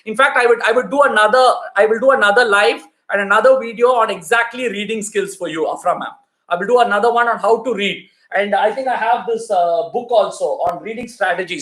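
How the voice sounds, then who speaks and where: A man's voice: high-pitched, fairly bright tone, echoey room. A man giving a live online talk as a parenting coach, emphatic and repeating his key points to the audience. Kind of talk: live online talk answering viewer questions.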